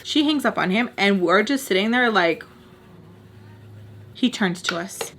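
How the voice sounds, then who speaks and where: A woman's voice: mid-range voice, expressive, normal speed, fairly bright tone, a little hiss or hum. A young woman telling a casual storytime as a vlogger, chatty and full of fillers, acting out the voices of the people she quotes.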